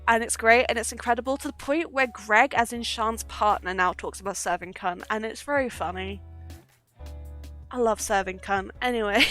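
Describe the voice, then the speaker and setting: A woman's voice: on the high side, a bit bright. A young woman streaming live, chatting casually and giggling often between sweary asides. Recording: faint background music.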